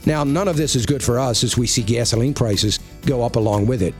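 A man giving a measured, explanatory market commentary segment on radio. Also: mid-range voice, faint music behind. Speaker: financial commentator.

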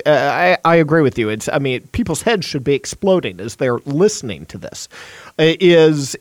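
A man's voice: a little high, no echo. A man hosting talk radio, emphatic and indignant as he argues his point. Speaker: radio host.

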